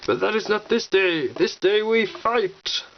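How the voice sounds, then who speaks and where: A man's voice: high-pitched, animated, measured pace, pitched above the performer's own voice. A man voicing a grand, defiant old male wizard in a raised, strained theatrical voice, recorded on a cheap camera. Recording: dull camera audio with faint hiss.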